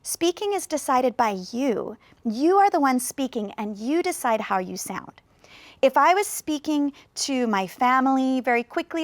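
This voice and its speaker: A woman teaching English pronunciation in a video lesson, speaking slowly and clearly with deliberate pauses to demonstrate. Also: high-pitched, animated, no echo.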